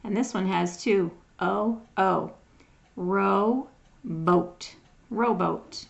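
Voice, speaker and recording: A woman leads a phonics lesson and sounds out each word patiently, one at a time. She talks very slowly, with a gravelly edge to her voice. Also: medium pitch, muffled recording. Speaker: phonics teacher. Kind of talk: slow phonics lesson reading.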